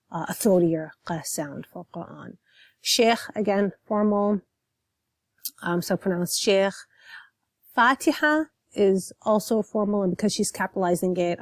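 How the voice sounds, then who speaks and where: A woman with an Iraqi Arabic accent reading a poem aloud, then explaining pronunciation slowly and deliberately, with many ums. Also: fairly low pitch, no room sound. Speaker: poetry reader and language commentator. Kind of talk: poetry recitation then spoken explanation.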